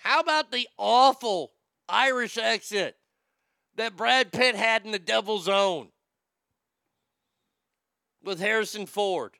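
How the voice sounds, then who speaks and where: A man's voice: high-pitched, creaky, sharp tone, clean tone, no room sound, clean studio sound. A man ranting casually about movies, profane and rambling, reading out viewer comments as he goes.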